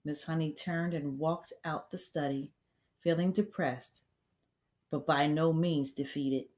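Low-voiced woman reading aloud slowly. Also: fairly even intonation, a little mellow. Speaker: teacher reading a novel aloud. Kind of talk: chapter read-aloud for a class.

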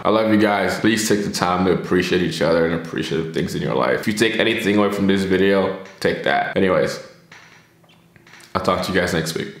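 A young man giving a heartfelt, earnest vlog tribute, halting and tearful, with some swearing. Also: sits low. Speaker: YouTuber. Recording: echoey room.

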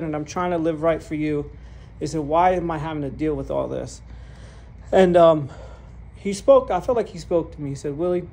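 In a slightly high voice with a darkish tone, a preacher gives his personal testimony as a sermon, with a little hiss or hum in the recording. He talks earnestly and candidly, restarting with repeated words and laughing self-deprecatingly at his own story.

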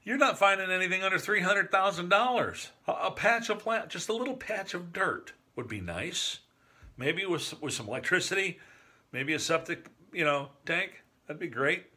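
A man's voice: sits high, expressive, normal speed, sharp tone, husky. A man in his sixties, from northern Michigan, talking casually to the camera in a joking, rambling way and chuckling at his own jokes. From northern Michigan, USA. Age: 60s. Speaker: vlogger.

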